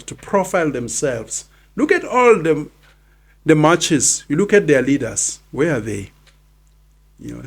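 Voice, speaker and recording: Host, South African man in his fifties, emphatic and blunt, voice on the high side. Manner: emphatic, repeats his points for effect. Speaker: podcast host. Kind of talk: opinionated podcast commentary.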